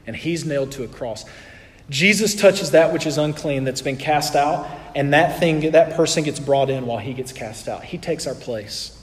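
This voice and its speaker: A man preaching a sermon in an earnest way, building in intensity and then dropping soft. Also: a little high, moderate pace, long reverb tail.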